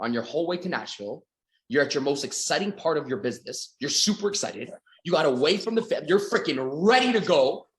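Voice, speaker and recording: Man, sales coach, fast talker, energetic, motivational training talk. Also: on the high side. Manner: energetic, acts out little scenes with quoted voices.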